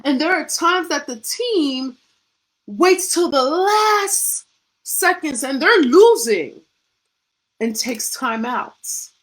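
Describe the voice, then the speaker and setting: A woman's voice: high voice, expressive, slow, poor audio. A middle-aged woman and faith coach giving a devotional pep talk, full of rhetorical questions and punchy repetition, with casual vernacular slang.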